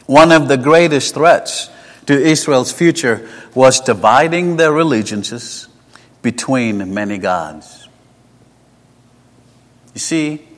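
A man with a South African accent preaching a sermon. He talks conversationally and tells personal stories, moving between emphatic lines and hushed asides. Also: mid-range voice. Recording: long hall reverb.

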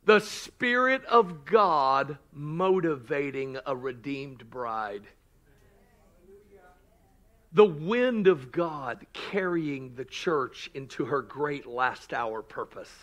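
A man preaching a sermon as pastor, swinging from shouted, drawn-out lines to quiet joking asides. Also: medium pitch, lively intonation.

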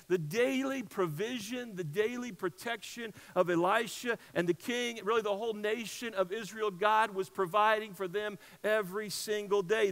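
A man's voice: sits high, pushed and bright, in a large hall. A man preaching a sermon as pastor, telling a story conversationally with emphatic repetition.

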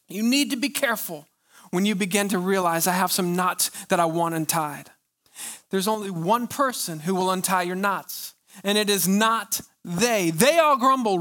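A male pastor preaching a sermon, pressing his points with rhetorical questions and drawn-out pauses. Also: high-pitched, animated, pushed and bright.

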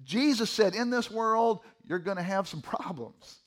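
A middle-aged man preaching a sermon as pastor, moving between loud emphatic stretches and quiet, low asides to the congregation. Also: lively intonation, measured pace.

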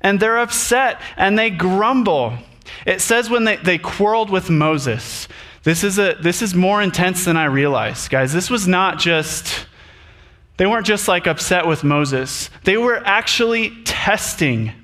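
A man preaching a sermon to his congregation, animated and addressing them directly. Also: high voice, measured pace. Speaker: pastor.

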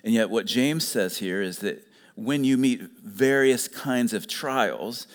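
A man's voice: mid-range voice, animated, takes it slowly, in a large hall. A man preaching a sermon as pastor, earnest and emphatic, stressing the key phrases again and again.

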